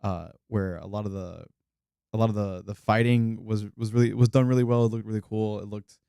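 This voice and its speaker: A man co-hosting a casual movie podcast, speaking hesitantly with many pauses and restarts. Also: lowish voice, steady tone, creaky, dark tone, clean tone, no room sound, studio quality.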